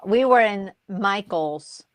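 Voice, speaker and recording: A woman who runs a crafting YouTube channel, telling an unhurried story in casual chat with fillers and soft laughs. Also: medium pitch, lively intonation, no room sound.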